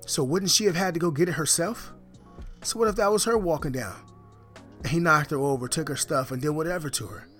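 A man's voice: a little high, fairly quick, fairly bright tone. A man telling a personal story and acting out the quoted dialogue, his voice rising and falling with each part. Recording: faint music behind the voice.

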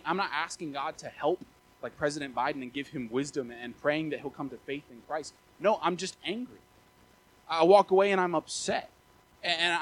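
A young man in his twenties preaches a relaxed sermon, his voice slightly high and husky. He talks in a casual, animated way, often stumbling and restarting his phrases as a pastor addressing his congregation. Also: rough recording. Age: 20s.

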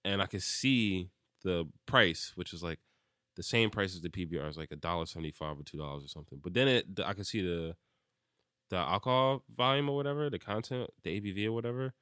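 A man's voice: sits low, fast, sharp tone, clear, resonant tone, no room sound, studio quality. A young man telling a rambling drunk story in casual chat, laughing often and filling with "like.".

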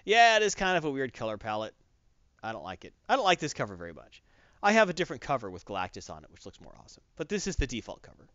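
Animated man recapping a comic. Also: mid-range voice, fast, dry recording. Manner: animated storyteller, many fillers. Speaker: podcast host. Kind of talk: casual comic book recap. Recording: dull, dry lo-fi recording.

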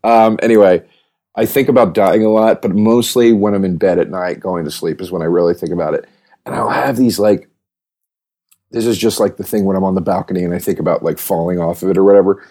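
A man's voice: low-pitched, steady tone, fairly quick, dark tone. A man hosting a podcast, talking in a rambling, casual monologue full of restarts and fillers. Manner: rambling, restarts, heavy use of "like". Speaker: podcast host.

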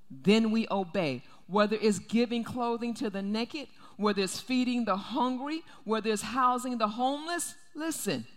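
A woman's voice: on the high side, in a large hall. A woman pastor preaching a sermon, emphatic and repeating her key phrases. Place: church sanctuary.

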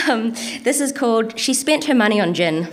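Her voice is a little high and her intonation lively as she, a poet with an Antipodean accent, delivers her own spoken word work. She keeps a steady rhythm with deliberate pauses, then talks casually and hesitantly in the gaps between poems.

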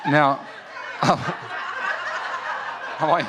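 A man's voice: on the high side, lively intonation, moderate pace, heavy background noise. A man, a pastor, giving a sermon in a church with an emphatic, conversational preaching style that mixes in stories. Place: church in front of a congregation.

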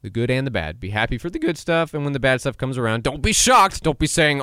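A man's voice: medium pitch, animated, fast, few pauses, pushed and bright, no echo, clean studio sound. A man in his twenties hosting a solo podcast, talking casually and acting out quoted voices, often laughing at himself. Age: 20s. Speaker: podcast host.

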